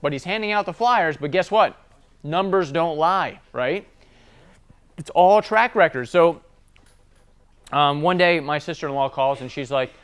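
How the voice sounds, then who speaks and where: A man coaching salespeople in a casual, story-driven talk. His voice sits a little high and is smooth and clear. He keeps checking in with his listeners as he goes. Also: lively intonation, a little slow, long pauses, a bit bright. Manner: conversational storytelling, tag questions. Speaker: sales trainer. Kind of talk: casual business training talk.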